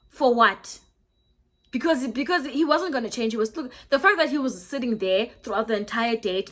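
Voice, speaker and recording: Animated South African woman telling a story. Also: a little high. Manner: animated storytelling, mixes English and Xhosa. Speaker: YouTuber. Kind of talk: casual storytime vlog.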